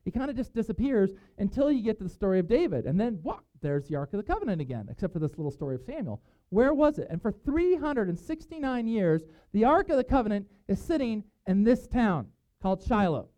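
A pastor telling stories in a casual, animated sermon with self-deprecating asides. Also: male voice, high-pitched, fairly quick.

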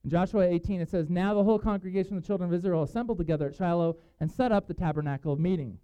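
A pastor telling stories in a casual, animated sermon with self-deprecating asides. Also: male voice, sits high, very fast, clean tone, lo-fi sound.

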